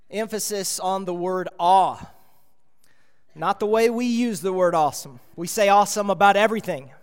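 A man's voice: high voice, moderate pace, smooth. A man preaching a sermon as pastor, emphatic, with repeated rhetorical questions. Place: church sanctuary. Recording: church hall reverb.

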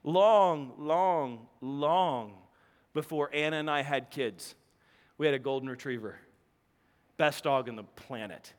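A man in his thirties preaching a sermon, telling stories with quick laughing asides and restarts. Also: a little high, smooth, big-room sound. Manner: animated storytelling, self-interrupting, laughing asides. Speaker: pastor.

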